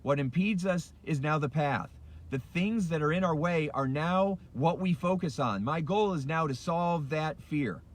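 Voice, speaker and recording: A man's voice: fairly high pitch, expressive, unhurried. Passionate middle-aged man ranting in a car. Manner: passionate, emphatic, repeats key phrases. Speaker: life coach and hypnotist. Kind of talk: motivational rant. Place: in a car at a red light.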